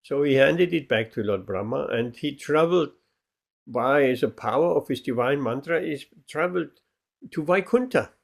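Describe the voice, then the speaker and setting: A man, a spiritual teacher, telling a devotional story in a lecture, with many pauses and fillers. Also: mid-range voice, creaky.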